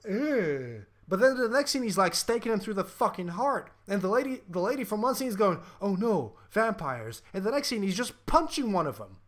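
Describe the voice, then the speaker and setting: A young man ranting about a terrible film on a casual podcast, his voice sitting a little high. He swears freely and mimics the characters as he goes. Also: lively intonation, quick pace, few pauses, a bit bright. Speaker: podcast co-host. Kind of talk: casual ranting movie review.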